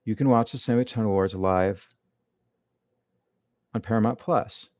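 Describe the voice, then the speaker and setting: A man's voice: on the low side, moderate pace, darkish tone, no room sound. A man hosting a live stream from his living room, grumbling with irritation as he talks to himself and his viewers. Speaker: livestream host. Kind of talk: live-stream reaction chat.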